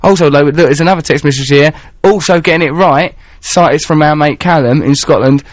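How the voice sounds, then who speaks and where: A man's voice: fairly high pitch, fairly quick, no echo. Playful, rambling man on radio. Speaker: radio host. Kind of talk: casual radio chat. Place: radio studio. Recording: dry, slightly dull radio broadcast.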